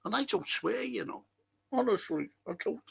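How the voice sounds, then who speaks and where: Gravelly, bright-voiced man. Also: very high-pitched, expressive, moderate pace. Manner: blunt, exasperated, swears often. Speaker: host of a fan live stream. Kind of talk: casual chat reading viewer comments.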